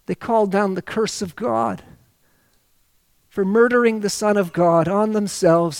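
A man preaching a sermon, reading scripture aloud and rising to loud, slowed emphasis on key phrases. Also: sits high, steady tone, vocal fry, smooth, no echo.

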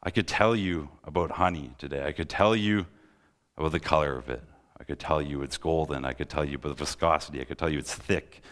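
A young man delivers a sermon with a very low voice. He speaks earnestly and presses his listeners with pleading, impassioned questions. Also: a bit bright. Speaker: preacher.

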